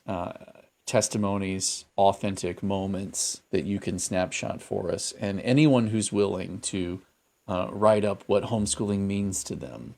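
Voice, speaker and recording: A man's voice: low-pitched, vocal fry, a little mellow. A man co-hosting a podcast, talking in a thoughtful, rambling way with many fillers and restarts. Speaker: podcast co-host. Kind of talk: casual podcast chat.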